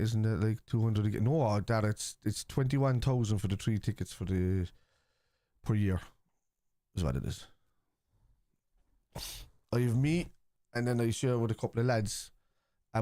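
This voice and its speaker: In a clean, dry studio recording, the man running a live football watchalong responds bluntly to viewers and swears a lot. His voice is lowish and warm, at normal speed.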